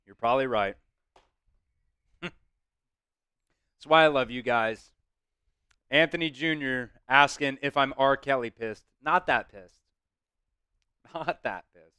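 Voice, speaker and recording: A man's voice: mid-range voice, slow, long pauses, bright, forceful tone, clean tone, no room sound. A man hosting a live fan stream, giving blunt, frustrated play-by-play with some swearing.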